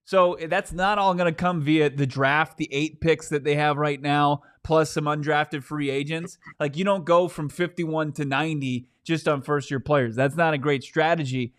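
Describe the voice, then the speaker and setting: A man co-hosting a casual sports podcast, animated and playfully exasperated, speaking from a studio. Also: fairly high pitch, moderate pace, few pauses, clear, resonant tone. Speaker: podcast co-host.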